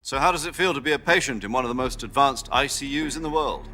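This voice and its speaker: An actor playing a veteran commander speaking in a dry, understated, wry manner over game cutscene music. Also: male voice, mid-range voice, lively intonation, fast talker, bright, forceful tone. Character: wry veteran male commander visiting a patient.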